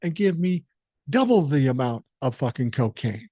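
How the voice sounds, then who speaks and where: A man's voice: medium pitch, big pitch swings, moderate pace, warm tone, no room sound, muffled recording. A man voicing a brash young male college hockey player who hustles, cocky, salesy and profane.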